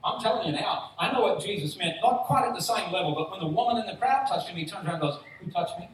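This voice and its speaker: Speaking fast, a pastor with a slightly high male voice preaches a story-driven sermon, playing the characters in his tales for the congregation. A far-off mic captures him in a heavily echoing church hall, faint noise running underneath.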